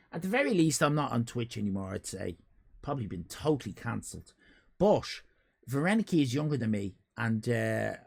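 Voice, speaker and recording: His mid-range voice is gravelly and a little rough. He's an Irishman casually addressing his live-stream audience, rambling, joking, and singling out chatters by name.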